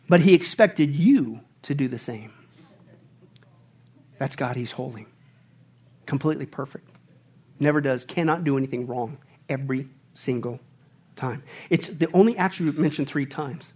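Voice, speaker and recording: A man preaching a sermon as a pastor, swinging between loud outbursts and hushed, whispered lines. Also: a little high, animated, moderate pace.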